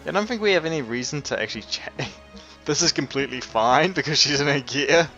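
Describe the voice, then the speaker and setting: A man's voice: on the high side, lively intonation, fairly quick, sharp tone. A man giving casual, rambling, wry commentary over a video game playthrough. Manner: rambling, wry, chuckling to himself. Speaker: let's play host. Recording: dull lo-fi sound with game music.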